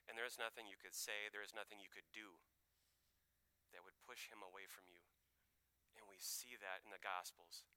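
A man preaching a sermon in an animated, conversational way, acting out voices as he tells the story. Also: fairly low pitch, normal speed, pauses often, clear, resonant tone. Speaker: pastor.

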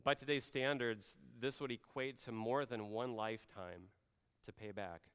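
Pastor guy giving a sermon, smooth clear voice, chatty, goes quiet and slow on the big points. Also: mid-range voice, steady tone, in a large hall. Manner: conversational, drops soft and slow for emphasis.

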